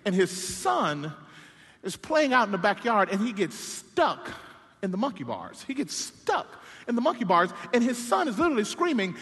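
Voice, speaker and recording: Male pastor, lively preaching, bright forceful voice, long church reverb. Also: very high voice, moderate pace. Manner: animated, repetitive, call-and-response preaching. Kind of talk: sermon.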